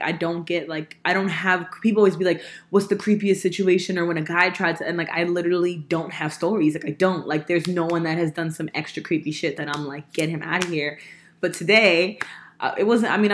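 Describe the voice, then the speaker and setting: Casual young woman telling stories, slightly low. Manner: animated storyteller, laughs often, swears casually. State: sick. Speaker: podcast host. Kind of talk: casual chat.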